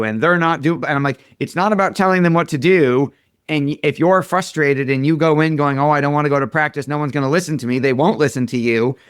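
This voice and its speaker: Animated male storyteller, dry sound. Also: on the high side, no echo. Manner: storytelling, acts out quoted dialogue. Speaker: marketing expert guest. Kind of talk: casual interview talk.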